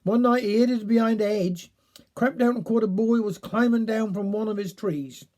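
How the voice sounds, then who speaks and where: A man with a Cornish accent reading a dialect story aloud in an unhurried, homely way. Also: sits high, darkish tone.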